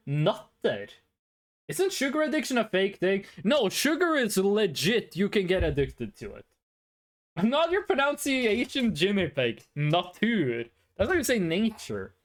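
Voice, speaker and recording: A young Norwegian man with a Norwegian accent, chatting casually and jokily with his chat while streaming a game. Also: high-pitched. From Norway. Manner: rambling, chatty, answers chat, jokey.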